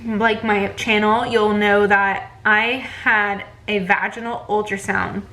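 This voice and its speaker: A woman's voice: medium pitch, flat delivery, takes it slowly, sharp tone, low-quality recording. A young pregnant woman, chatting casually in a vlog and retelling a bad appointment with lots of fillers. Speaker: vlogger.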